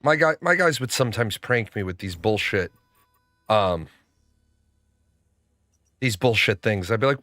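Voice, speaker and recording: A man's voice: mid-range voice, moderate pace, long pauses, a bit bright, no room sound, faint music behind. A young adult man streaming a game, telling stories in casual, profane chat with frequent stammers and restarts. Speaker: gaming streamer.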